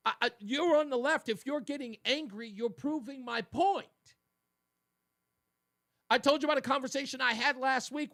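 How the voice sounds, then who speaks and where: A man hosting a talk radio show, delivering an emphatic, argumentative opinion monologue that swings between loud and low. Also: dry recording, clean studio sound.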